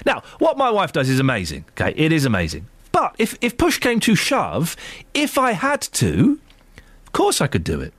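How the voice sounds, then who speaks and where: A man hosting a phone-in radio show, with a fairly high voice that leaps all over the place as he teases his guests. His studio mic sounds close and dry. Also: moderate pace, no room sound. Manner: playful, teasing, animated.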